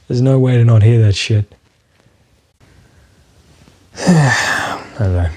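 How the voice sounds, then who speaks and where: A man's voice: mid-range voice, slow, long pauses, darkish tone. A man hosting a solo podcast, rambling and swearing freely as he drifts from topic to topic, with lots of fillers. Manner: rambling, profane, sidetracked, with many fillers. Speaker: podcast host.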